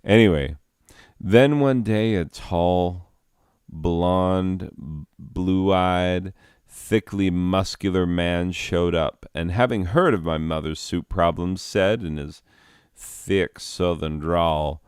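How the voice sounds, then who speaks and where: A young man telling a rambling comic story, deadpan, with lots of asides and fillers. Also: low-pitched, takes it slowly, clean tone, no echo, studio quality. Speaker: comedian.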